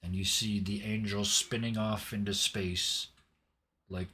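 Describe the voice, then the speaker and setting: A man's voice: lowish voice, flat delivery, measured pace, noisy background. A man narrating a tabletop roleplaying game as game master, telling the scene vividly and dramatically. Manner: vivid, dramatic storytelling with hesitant restarts.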